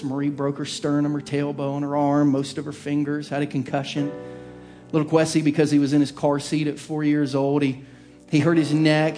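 Earnest pastor, man, slightly high voice. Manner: earnest, drops to a hushed, soft voice at tender moments. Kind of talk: sermon with personal story.

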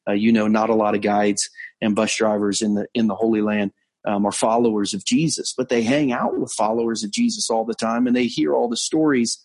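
A man, a pastor, telling a story in a conversational sermon, earnest, slowing down to stress key points. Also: fairly low pitch, fairly even intonation, darkish tone. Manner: earnest storytelling, frequent restarts and slowed emphasis. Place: on location abroad.

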